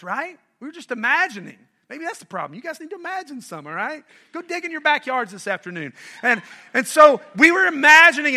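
With an extremely high pitch, a middle-aged pastor from North Carolina delivers an animated, conversational sermon. He asks the congregation questions and jokes around with them.

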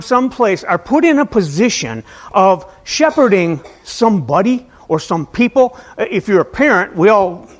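A male pastor giving a casual, conversational sermon to a small church, often stumbling on and repeating his words. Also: high voice. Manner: conversational, self-deprecating, repeats words when starting sentences.

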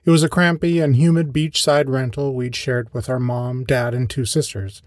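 A man's voice: medium pitch, fairly even intonation, moderate pace, no room sound. Wry man narrating, very dry close sound. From American Midwest. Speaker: podcast host and narrator. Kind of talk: scripted first-person storytelling.

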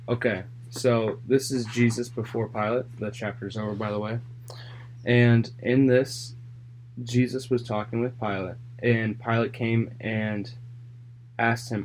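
A young man hosting a podcast who reads the Bible aloud and then recaps it casually, in a relaxed way with plenty of fillers. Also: medium pitch, measured pace, slight background noise. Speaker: podcast host.

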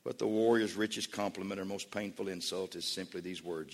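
A man's voice: deep voice, fairly even intonation, a little fast. A man pastor preaching a sermon in a church, emphatic and repetitive. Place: church sanctuary. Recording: long church reverb.

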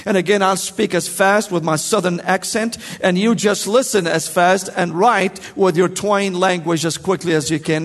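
A man's voice: high voice, fairly bright tone, big-room sound. A man preaching a sermon, emphatic and repetitive, asking the congregation questions.

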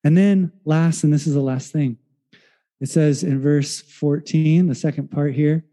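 Casual-sounding male pastor with a warm voice. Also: on the high side, fairly even intonation, unhurried. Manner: conversational storytelling with fillers, acts out quoted voices. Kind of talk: sermon.

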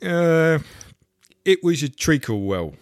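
A man's voice: a little high, sing-song, slow, no echo, clean studio sound, pitched above the performer's own voice. A man voicing a small, sleepy, touchy male Dormouse telling a story within the storybook, with a drowsy, hesitant manner. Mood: sleepy, indignant.

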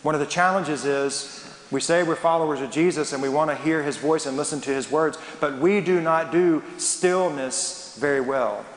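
A man's voice: fairly high pitch, normal speed. A man preaching a sermon as a pastor, emphatic and dramatic, asking rhetorical questions. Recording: echoey hall with long reverb.

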